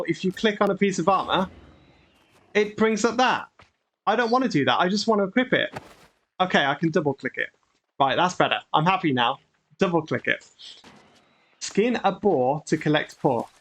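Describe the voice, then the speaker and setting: A man's voice: high-pitched, fairly bright tone. A man hosting a gaming channel, giving chatty, grumbling, self-mocking commentary as he plays. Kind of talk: gameplay commentary.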